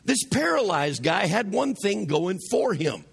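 Male pastor, raised pitch, rough gravelly husky tone, conversational sermon that asks the room questions. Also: very animated, unhurried. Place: church sanctuary.

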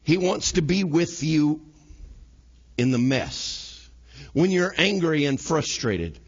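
Animated male pastor preaching. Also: on the high side, takes it slowly, breathy edge, highs cut off. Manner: animated, acts out scenes in quoted voices. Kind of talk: sermon. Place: church sanctuary.

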